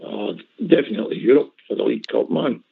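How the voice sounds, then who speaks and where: Gravelly caller on a phone line. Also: male voice, medium pitch, animated, fast talker. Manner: emphatic, passionate about football. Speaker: regular caller. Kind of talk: casual phone-in chat. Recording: phone-line call audio.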